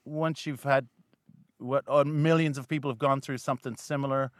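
A man's voice: medium pitch, fairly even intonation, normal speed, no echo, studio quality. A man from Canada, a guest comedian in a casual podcast chat, rambling and swearing freely with a self-deprecating streak.

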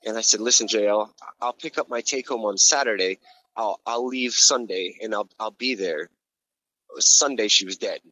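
A man's voice: fairly low pitch, normal speed, sharp tone, low-quality recording. A man telling his story on a podcast in a casual, blunt way, swearing a lot and restarting his sentences. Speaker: podcast guest.

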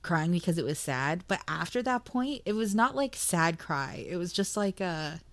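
A woman's voice: on the low side, lively intonation, normal speed, no echo. A woman co-hosting a podcast, talking casually and emotionally about a book, swearing and laughing often. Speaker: podcast co-host.

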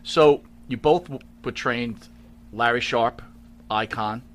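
A man's voice: medium pitch, slow pace, fairly bright tone. A male host asking guests casual questions and reacting briefly. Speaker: podcast co-host. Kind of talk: casual interview.

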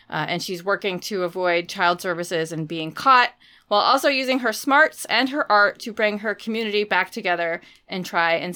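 Woman, podcast co-host, bright clear voice, excitable, casual book chat. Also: medium pitch. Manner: enthusiastic, excitable. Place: home office.

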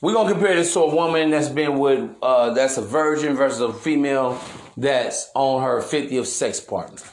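A man's voice: mid-range voice, normal speed, roomy sound. A man hosting a podcast in a brash, preachy monologue, full of slang and swearing. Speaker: podcast host. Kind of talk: casual monologue.

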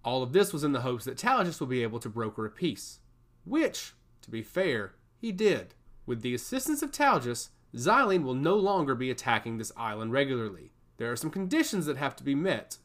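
A man's voice: medium pitch, sing-song, a little fast, close to an everyday voice. A man voicing a smug, scheming male servant of a god who taunts and giggles, in a storybook reading. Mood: taunting.

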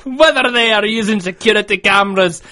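A man reading a listener's letter aloud in a put-on Scottish accent, rolling his Rs hammily and loudly. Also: high-pitched, brisk, pitched above the performer's own voice. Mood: hammy. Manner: rolled Rs, hammy and loud, breaking into laughs. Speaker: podcast co-host.

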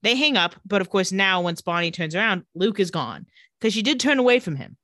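A woman co-hosts a podcast, chatting through a TV episode and dipping into lower voices for the characters' lines. Her voice is bright and animated, and the recording is dry and close. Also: a little fast, dry recording. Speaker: podcast co-host recapping a TV episode. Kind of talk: casual chat with acted-out quotes.

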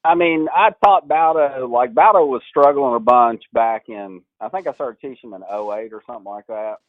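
A man, a golf coach guest, telling animated stories in a podcast interview and acting out what people said, laughing often. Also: medium pitch, brisk, dry recording, phone-quality sound. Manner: animated storyteller, acts out quotes, laughs often.

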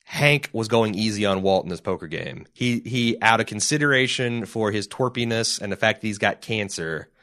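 A man co-hosting a casual podcast, talking excitedly and swearing, often mimicking characters in sudden high voices. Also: moderate pace, few pauses. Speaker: podcast co-host. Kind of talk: casual show discussion.

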